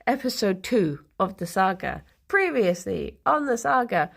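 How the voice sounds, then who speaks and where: A woman's voice: mid-range voice, sing-song, unhurried, vocal fry, fairly bright tone. A woman streamer casually telling a rambling story to her live chat, laughing often and correcting herself as she goes.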